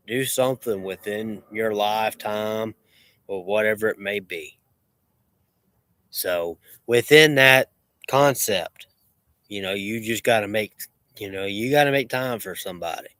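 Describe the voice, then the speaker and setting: A man's voice: lowish voice, measured pace, a bit bright, no room sound. A man who runs a lawn care business, talking in a rambling, repetitive and boastful way with many restarts. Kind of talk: rambling casual monologue.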